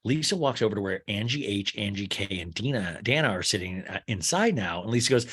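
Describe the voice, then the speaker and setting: This podcast host gives a casual recap in a brisk, slightly rough voice worn from hours of talking, with few pauses. He's animated and slips into high, mocking voices whenever he acts out quotes.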